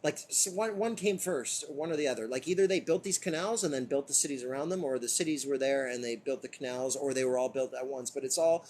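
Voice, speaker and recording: A man's voice: medium pitch, quick pace, few pauses, a little mellow, a little hiss or hum. A man giving a casual live book reading. He rambles off topic, swears often and breaks into laughter. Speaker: streamer reading a book aloud.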